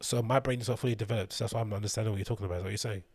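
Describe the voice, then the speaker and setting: Male host, low and slightly husky, rambling scornful solo rant with plenty of swearing. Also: steady tone, rapid-fire, hardly any pauses, no echo. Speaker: show host.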